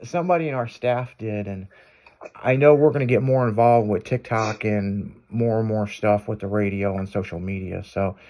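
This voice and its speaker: A man's voice: fairly low pitch, normal speed, dark tone. A man hosting a radio show, telling stories in casual banter with crude language and frequent laughter.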